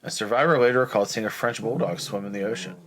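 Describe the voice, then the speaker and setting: A man's voice: fairly low pitch, racing, a little hiss or hum. A man co-hosting a podcast, reading out movie trivia in a casual, chatty way. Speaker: podcast co-host.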